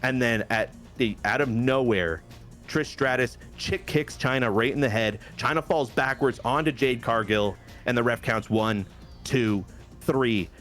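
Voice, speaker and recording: A man who is getting over a cold, casually narrating wrestling matches from a video game storyline in a lively play-by-play. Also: medium pitch, unhurried, soft background music. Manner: lively play-by-play recap with asides. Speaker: game player and general manager.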